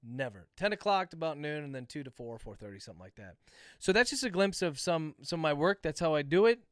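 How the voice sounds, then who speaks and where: A man, an author, dictating a novel aloud on a livestream, speaking each punctuation mark, with relaxed, chatty asides to his viewers. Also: on the high side, fast talker, smooth, dry recording, studio quality.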